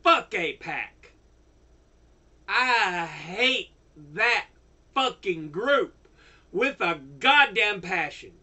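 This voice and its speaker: A furious older man rants into the camera, swearing constantly and breaking into shouts. His voice is high and very sharp, swinging wildly up and down while he drags the words out slowly. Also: animated. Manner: heavily profane, shouting in bursts. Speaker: YouTuber. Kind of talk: angry political rant.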